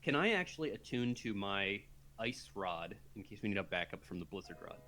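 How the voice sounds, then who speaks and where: A man playing a tabletop game, hesitant and full of fillers, with bursts of lively speech. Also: fairly low pitch, brisk. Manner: hesitant, animated when in character. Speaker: player.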